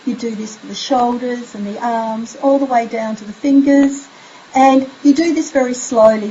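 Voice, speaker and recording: Woman, parenting coach, higher voice, gentle soothing delivery, slightly muffled recording. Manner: drops to a soft, slow, sleepy voice when modeling bedtime phrases. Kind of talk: instructional parenting tips. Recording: slightly dull recording with faint hiss.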